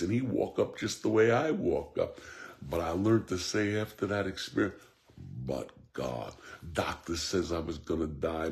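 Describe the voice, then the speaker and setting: A male preacher with a gravelly, creaky voice delivers a fervent sermon. He swings from shouted peaks to near-whispers, repeats his refrain and calls out to listeners by name. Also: sits low. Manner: fervent, swings between shouting and hushed tones. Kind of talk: impassioned sermon.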